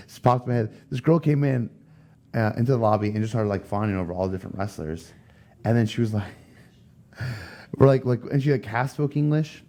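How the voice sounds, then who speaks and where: A man in his thirties from the United States, telling a story in casual chat as a podcast guest, animated and acting out the voices of the people he quotes. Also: medium pitch, normal speed, pauses often.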